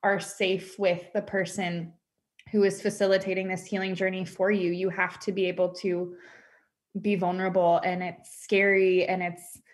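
A woman's voice: lowish voice, little pitch movement, moderate pace. A woman, a former client appearing as a podcast guest over a video call, speaking in an effusive way and filling her talk with "like". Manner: effusive, says "like" often. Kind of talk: casual conversation.

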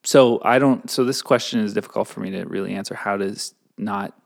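A man co-hosting a casual talk show, his voice middle-pitched. He rambles and mocks himself, trailing off and restarting his sentences. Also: a little fast, vocal fry. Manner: rambling, self-mocking, many restarts. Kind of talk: casual chat.

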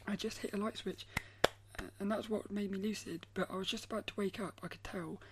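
A woman artist talking casually to camera, soft-spoken and often dropping into a breathy half-whisper, rambling and restarting her phrases. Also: mid-range voice, fairly even intonation, a little fast, very noisy. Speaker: artist vlogger.

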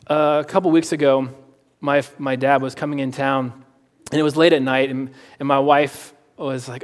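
Man preaching in a reverberant hall. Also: a little high. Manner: animated, acts out dialogue in quick voices. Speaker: pastor. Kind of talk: sermon with personal anecdotes.

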